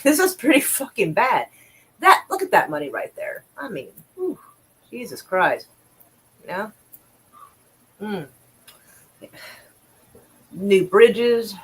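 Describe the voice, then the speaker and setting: A woman's voice: on the low side, fairly bright tone, slightly rough, low-quality recording. A woman livestreaming, reading news aloud and reacting with sarcastic, profane commentary and exasperated sighs.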